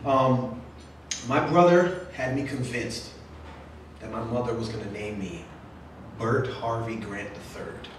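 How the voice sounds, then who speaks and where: Speaking slowly in a mid-range voice, an author jokes around with young readers and answers their questions, acting out quoted voices in a chatty manner. The setting is a literary center's event room, recorded from far off with heavy echo and faint noise.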